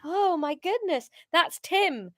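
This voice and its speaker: A woman's voice: extremely high pitch, animated, slow, fairly bright tone, dry recording, clean studio sound. A woman reading her own story aloud on a live stream, giggling and chatting between lines.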